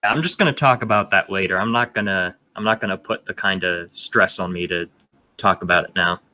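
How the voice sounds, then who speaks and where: A man's voice: deep voice, brisk, sharp tone, dry recording. A young man hosting a casual podcast chat, rambling with lots of filler words. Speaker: podcast host.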